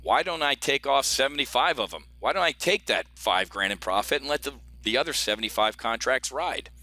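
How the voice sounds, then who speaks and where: A middle-aged man walks viewers through options trades in a brash, wisecracking manner, addressing them directly like a coach. His voice is bright and forceful, sitting at an ordinary middle pitch. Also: lively intonation, a little fast. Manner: brash, jokey, talks straight to viewers as folks. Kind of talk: screen-share trading lesson. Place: home office.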